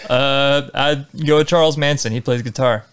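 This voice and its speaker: A man guesting on a podcast, answering questions with deadpan jokes. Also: medium pitch, moderate pace, clear, resonant tone. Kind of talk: casual chat.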